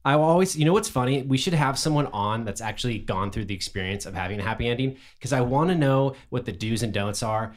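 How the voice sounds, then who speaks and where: Male sidekick, mid-pitched, self-mocking banter. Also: expressive, fast, hardly any pauses. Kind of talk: casual chat.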